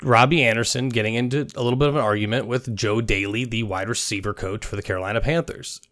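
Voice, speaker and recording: A man's voice: on the low side, fairly even intonation, fast, a bit bright. A man hosting a football video, chatting casually over game clips and laughing now and then as he guesses what players said. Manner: chatty, laughs while narrating, guesses at quoted lines.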